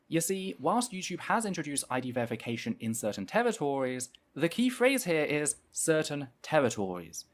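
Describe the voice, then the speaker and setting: Indignant male commentary narrator. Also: medium pitch. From United Kingdom. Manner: indignant, argumentative. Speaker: commentary YouTuber.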